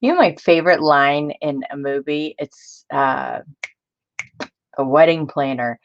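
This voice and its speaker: A woman's voice: deep voice, unhurried, muffled recording. A woman hosting a casual live stream, chatty and laughing often as she greets viewers by name. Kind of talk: casual live-stream chat while crafting.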